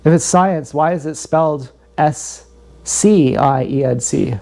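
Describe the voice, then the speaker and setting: Young male streamer, mellow tone, a touch high, meandering and profane, jokey story delivery. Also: unhurried, creaky. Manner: meandering, profane, joking, repeats himself. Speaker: livestreamer. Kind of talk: rambling livestream storytelling.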